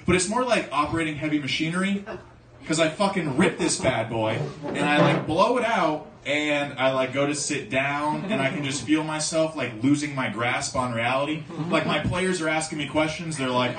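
A man's voice: fairly high pitch, normal speed, a crowd in the background. Young man rambling through a stand-up set. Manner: loose, rambling storytelling with lots of fillers. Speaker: stand-up comedian. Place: comedy club stage at an open mic. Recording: echoey club recording from far off, audience noise. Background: audience laughing and cheering.

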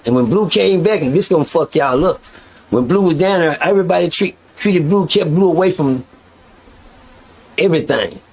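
Male storyteller, casual, profane, slightly high voice. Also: moderate pace, husky. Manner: profane, animated, addresses listeners directly.

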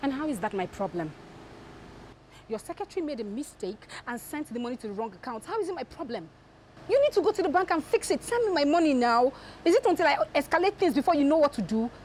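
An actress with a Nigerian accent playing a hot-tempered wife and businesswoman who demands payment from a friend, her voice jumping from sharp outbursts to low murmurs. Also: big pitch swings, slight background noise. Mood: angry demanding. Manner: sharp, demanding, quick to rise then drop to a low murmur.

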